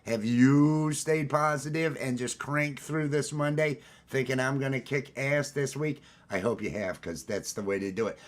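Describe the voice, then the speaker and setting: Upbeat man hosting a livestream. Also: fairly high pitch. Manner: upbeat, rambling, greets viewers. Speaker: livestream host. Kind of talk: casual livestream chat. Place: at home, green screen.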